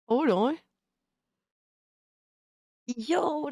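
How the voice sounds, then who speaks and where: A woman hosting a casual livestream, reacting to things in an excitable, slangy, profane way. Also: high-pitched, drawn-out words, long pauses, no room sound, clean studio sound. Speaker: livestream host.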